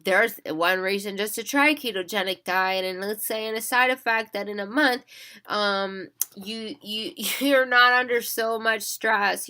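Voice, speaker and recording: Weary woman vlogger, bright voice, earnest and pleading, prone to restarts. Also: mid-range voice. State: tired, yawning. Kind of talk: casual monologue to camera.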